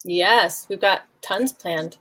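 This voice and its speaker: A woman's voice: lowish voice, slow, a bit bright. A woman from Louisiana, an upbeat, friendly and giggly guest on a podcast. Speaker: guest, copywriter. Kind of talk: casual interview chat.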